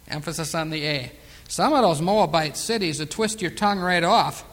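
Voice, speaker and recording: Male pastor, high voice, Bible-study sermon, slow emphatic scripture reading, chatty asides, reverberant room. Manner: reads scripture slowly and loudly, chats and chuckles between verses. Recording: long reverb of a hall.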